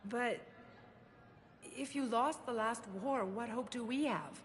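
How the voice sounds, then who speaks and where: A woman's voice: a little high, slow. An actress playing an earnest, worried young woman bystander.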